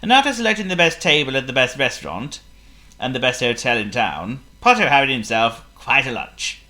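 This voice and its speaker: A storyteller reading a children's picture book aloud in a lively, theatrical way. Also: medium pitch, moderate pace. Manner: lively, theatrical, voices every figure.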